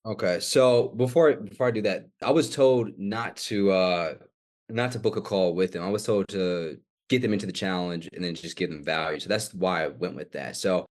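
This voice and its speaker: Deep-voiced man reading out texts. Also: normal speed. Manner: casual, reads messages aloud. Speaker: fitness coach, caller. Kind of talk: reading out text messages.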